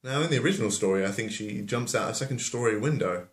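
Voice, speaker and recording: A man's voice: mid-range voice, fast talker. A man telling a fairy tale as a comedy, rambling with offhand asides. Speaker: storyteller. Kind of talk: comic storytelling. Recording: roomy echo.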